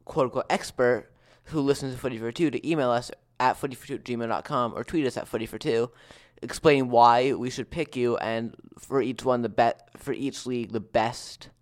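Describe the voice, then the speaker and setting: A man's voice: mid-range voice, steady tone, a little fast, hardly any pauses. A teenage boy co-hosting a casual podcast chat, with dry sarcastic humor. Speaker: co-host.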